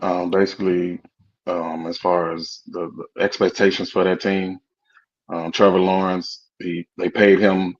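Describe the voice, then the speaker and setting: A man guesting on a sports talk show, speaking haltingly with many fillers. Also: low voice, little pitch movement. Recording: dull lo-fi sound.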